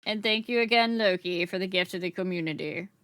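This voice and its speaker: A woman's voice: on the low side, a little fast, a bit bright, clean tone, no room sound, clean studio sound. A woman streamer chatting casually with her live chat while she crochets, swearing freely and laughing often.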